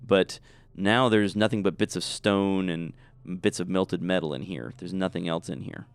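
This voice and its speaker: A man with a lowish, clean, resonant voice runs a tabletop game as game master. He describes rooms and calls for dice rolls in a relaxed, easygoing manner. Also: normal speed, creaky, clear, resonant tone, dry recording.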